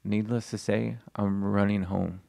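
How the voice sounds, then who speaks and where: Male podcast co-host, low gravelly voice, profane rambling banter. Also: level tone, a little slow, dark tone. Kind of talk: casual chat.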